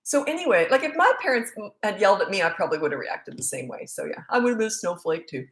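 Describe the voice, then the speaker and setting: This middle-aged parenting coach has a medium-pitched voice and talks fast, very animated. In a casual Q&A monologue recorded with roomy echo, she answers bluntly and jokingly, rambling off into asides.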